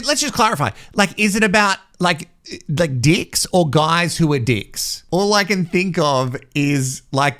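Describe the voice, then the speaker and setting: A man's voice: a little high, sharp tone. A young man hosting a casual recap vlog, playful and sarcastic, laughing often. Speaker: vlog host recapping a reality show.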